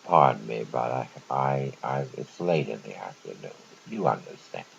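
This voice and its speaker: Brief: deep-voiced man, gravelly, rambling and stammering, on a muffled lo-fi recording with faint background noise. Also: lively intonation, normal speed. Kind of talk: rambling monologue.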